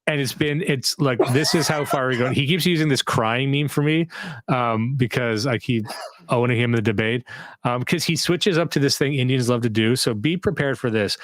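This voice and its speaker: A man from Canada co-hosts a podcast in a loose, rambling way and reads online comments aloud as he goes. His voice sits in a middle pitch, and the recording is dry and close with no room around it. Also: moderate pace, no room sound. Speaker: podcast co-host. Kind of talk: casual livestream podcast talk.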